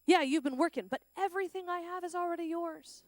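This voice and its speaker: High-voiced woman preaching in school chapel. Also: fast talker, no echo, clean studio sound. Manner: animated, plays out the characters' lines. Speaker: chapel speaker. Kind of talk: sermon.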